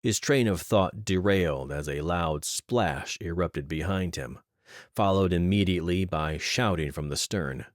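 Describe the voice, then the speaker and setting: A man narrating a thriller audiobook in steady, measured storytelling. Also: sits low, no room sound, clean studio sound.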